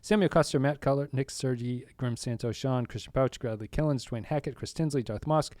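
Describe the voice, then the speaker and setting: A man's voice: mid-range voice, fairly quick, a little mellow, dry recording. Easygoing male podcast host, dry sound. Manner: easygoing, talkative, reads a long list of names. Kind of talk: casual chat and sponsor thank-yous.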